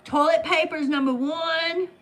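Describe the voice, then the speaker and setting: A woman's voice: very high voice, fairly even intonation, moderate pace, a bit bright. A woman hosting a casual trivia game with friends. She reads out questions and answers in a playful, teasing way. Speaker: game host.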